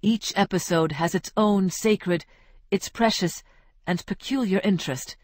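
A woman's voice: medium pitch, a little slow, dry recording, clean studio sound, close to an everyday voice. A woman voicing an eloquent, grandiose male biographer who speaks in flowery, effusive phrases.

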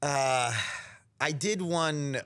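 A man from New York, a voice actor guest telling animated stories in a casual interview, slipping into impressions. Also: on the high side, very slow, clear, resonant tone. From New York, USA. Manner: animated storyteller, slips into impressions.

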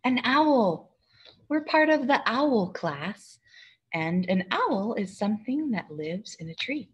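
A woman teacher reading a picture book aloud to young children, slow and expressive, with high hooting refrains and questions to her listeners. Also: slightly rough, lo-fi sound. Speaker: preschool teacher.

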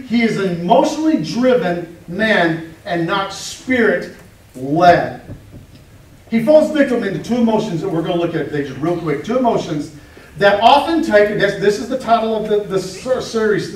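A male pastor preaching a sermon, animated and joking as he acts out the story's quotes. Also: sits high, slight background noise. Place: church hall. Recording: echoey room, mic at a distance.

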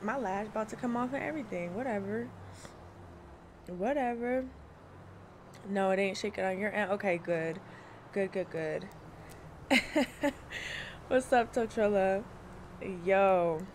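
A woman's voice: mid-range voice, slight background noise. A young woman streaming live, chatting casually, laughing and greeting viewers by name. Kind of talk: casual livestream chat.

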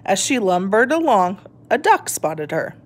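Slow, expressive woman reading a storybook. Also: medium pitch. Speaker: storybook reader. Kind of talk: children's story read-aloud.

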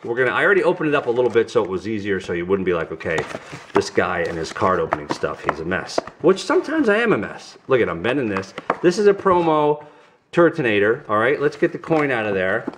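A middle-aged man with a New York accent hosts a casual vlog, talking straight to his viewers in a goofy, chatty way. His pitch jumps around a lot, rising and falling as he jokes along. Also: very animated, fast, slight background noise. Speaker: family vlog host. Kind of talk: casual card-opening vlog.

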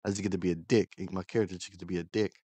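A man's voice: sits low, steady tone, rapid-fire, dark tone, breathy edge, no room sound. A man giving casual, profane gameplay commentary, grumbling and irritated as he plays. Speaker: gaming streamer.

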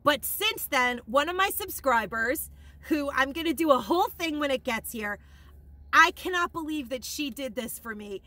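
A woman in a casual shopping haul vlog, gushing and rambling with excitement, emotional and near tears at times. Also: sits high, normal speed. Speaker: haul vlogger.

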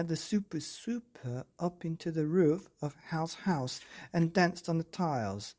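A man reading a children's picture book aloud as a bedtime story host, gentle and expressive, with whispers and sound effects. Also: a little high, takes it slowly, vocal fry, husky.

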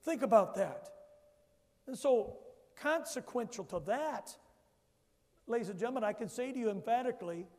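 A man's voice: very high-pitched, expressive, moderate pace, pauses often, darkish tone. A male pastor preaching a sermon emphatically, calling on the congregation to answer back. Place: church sanctuary. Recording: long church hall reverb.

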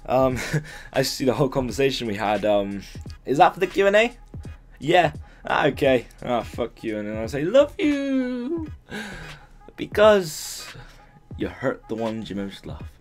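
A man's voice: medium pitch, lively intonation, normal speed, soft background music. A young man answering viewer questions in a casual vlog at his mother's home, rambling and joking, swearing and laughing often. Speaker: YouTuber.

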